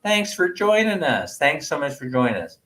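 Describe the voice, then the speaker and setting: A man's voice: a little high, big pitch swings, normal speed, fairly bright tone, slight background noise. A man from the United States hosting a casual livestream at home, telling a rambling story, teasing and laughing often. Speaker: livestream host.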